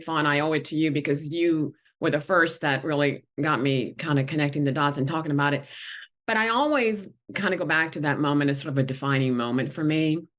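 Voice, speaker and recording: A woman whose first language is not English, telling a personal childhood story with earnest emotion, often pausing with fillers. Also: sits low, fairly bright tone. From not from the country where she went to school. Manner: earnest, tearful at times, many fillers. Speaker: guest executive.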